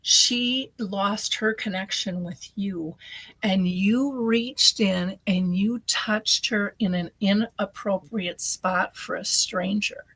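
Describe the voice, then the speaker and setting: A middle-aged woman, a guest on a talk show, telling a story in an animated way and acting out the people in it. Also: medium pitch, slow, husky, poor audio. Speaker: guest, dementia advocate.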